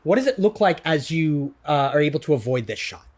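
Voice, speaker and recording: A man running a tabletop game live on stage, narrating the action with eager, rambling enthusiasm and quick affirmations. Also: on the high side, sing-song. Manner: enthusiastic, many fillers and "yeah, yeah". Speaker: game master.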